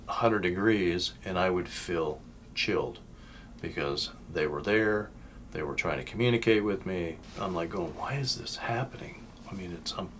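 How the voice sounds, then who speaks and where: Lowish-voiced man telling a story. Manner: blunt, colloquial, swings between loud and hushed. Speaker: channel host telling his life story. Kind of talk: casual spoken storytelling.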